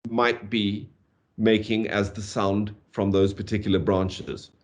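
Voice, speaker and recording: A man giving a university lecture on poetry, animated, tapping out rhythms aloud and saying "okay" often. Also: lowish voice, slow. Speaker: literature lecturer.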